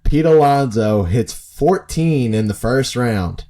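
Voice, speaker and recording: A man's voice: mid-range voice, expressive, takes it slowly, dark tone. A man co-hosting a podcast, chatting casually about baseball and acting out players' reactions with bursts of laughter. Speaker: podcast co-host. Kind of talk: casual sports chat.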